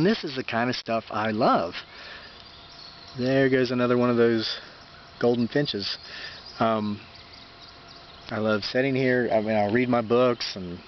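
A man's voice: lowish voice, dull audio, a little hiss or hum. A middle-aged man telling stories outdoors on his rural homestead in a folksy, rambling way, full of fillers and restarts. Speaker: homesteading vlogger. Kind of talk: casual storytelling monologue.

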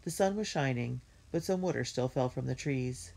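A woman reading a children's chapter book aloud in a measured, gentle way. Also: rumbling low, animated, vocal fry. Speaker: reader.

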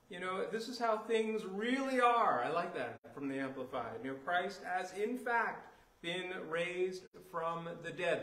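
A man's voice: fairly high pitch, fairly bright tone, reverberant, low-quality recording. A man preaching a sermon as pastor, talking through scripture in a loose, conversational way full of "you know" and "uh", then swelling into emphatic declarations. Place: church sanctuary.

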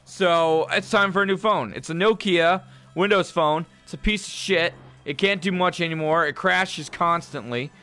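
A young man streaming a video game, talking casually with a profane, excitable manner and laughing often. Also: a little high, moderate pace, hardly any pauses, soft background music. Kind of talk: casual livestream commentary.

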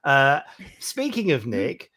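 A man guesting on a podcast, reading a listener email aloud in casual chat and adding dry, deadpan remarks. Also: medium pitch, takes it slowly.

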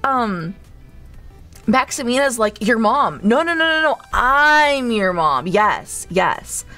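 A woman's voice: on the high side, expressive, slow pace, pushed and bright, soft background music. A woman streamer hosting a cozy barista role-play, reading chat aloud in a teasing, playfully motherly way. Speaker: VTuber streamer, host.

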